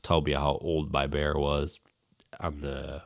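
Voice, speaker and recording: Deep-voiced man, rambling profane storyteller. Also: level tone, slow, dry recording, clean studio sound. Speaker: guest telling a hunting story. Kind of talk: casual chat.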